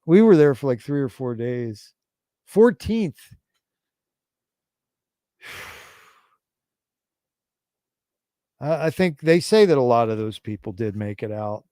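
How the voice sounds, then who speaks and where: A man in his forties hosting a livestream, telling a rambling, profane story in a casual, animated way. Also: mid-range voice, slow, pauses often, smooth, no echo, studio quality. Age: 40s. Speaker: livestream host.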